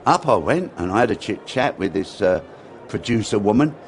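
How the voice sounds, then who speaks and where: Animated older Englishman telling stories. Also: on the low side, moderate pace. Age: 60s. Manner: animated, acts out quotes, repeats words. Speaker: interview guest, former dance teacher. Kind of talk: anecdotal storytelling in an interview.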